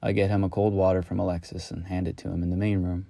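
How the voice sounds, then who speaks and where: Man, very low voice, dark tone, reflective storyteller, measured delivery. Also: level tone, vocal fry, no echo. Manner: slow, measured, lyrical. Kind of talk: reflective spoken-word storytelling.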